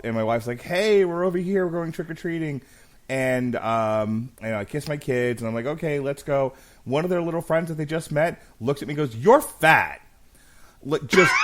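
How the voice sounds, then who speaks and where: With a mid-range, slightly bright voice, this podcast co-host in his thirties keeps things casual. He's profane and jokey, and he likes to tell stories.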